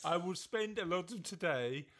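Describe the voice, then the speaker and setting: A man's voice: sits high, lively intonation, normal speed, fairly bright tone. A man, co-hosting a podcast in casual, jokey, teasing chat. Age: 40s. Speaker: podcast co-host.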